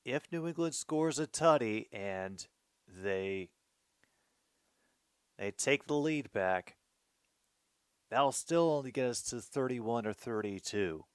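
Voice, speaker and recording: A man's voice: medium pitch, animated, takes it slowly, long pauses, clean tone, dry recording, clean studio sound. A man hosting his own show, reacting casually to a football game as he watches, muttering to himself.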